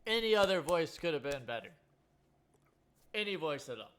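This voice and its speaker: A man's voice: on the high side, sing-song, normal speed, a bit bright. A man co-hosting a casual movie review podcast, blunt and insistent about his point. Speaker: podcast co-host.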